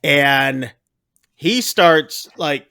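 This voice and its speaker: A man co-hosting a podcast, casually retelling a film scene by scene in a rambling, animated way. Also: fairly high pitch, drawn-out words, smooth. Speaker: podcast co-host.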